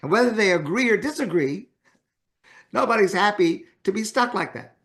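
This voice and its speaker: A man with a fairly high voice gives a morning talk as a rabbi. He speaks in a relaxed, conversational way, telling a story and acting out the voices in it. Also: normal speed. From Canada.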